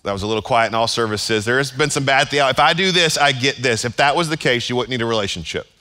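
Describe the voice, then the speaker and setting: A man's voice: mid-range voice, fast, sharp tone. A man pastor preaching a sermon at a church service, emphatic and full of repeated phrases.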